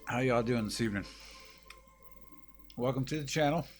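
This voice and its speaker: A man's voice: medium pitch, moderate pace, soft background music. Laid-back man rambling as vlog host. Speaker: YouTube channel host. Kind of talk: casual vlog chat.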